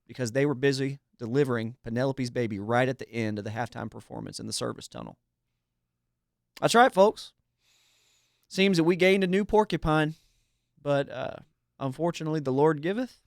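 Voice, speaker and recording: A man's voice: fairly high pitch, no echo, clean studio sound, lightly acted. A man doing a folksy small-town sports radio host. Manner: folksy, blustering, calls people partner and buddy.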